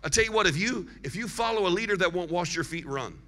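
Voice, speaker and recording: A man preaches a lively sermon, leading the congregation in call-and-response and stretching out his emphatic lines. His voice sits high and has a keen, bright edge. The sound carries a long reverb from a large church hall. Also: fast talker. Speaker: guest evangelist preacher.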